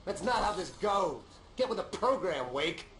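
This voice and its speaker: An actor playing a possessed, violent man who shouts taunts during a fight in a video game. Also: high-pitched, very animated, moderate pace, roomy sound, slight background noise, heavily acted. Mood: taunting.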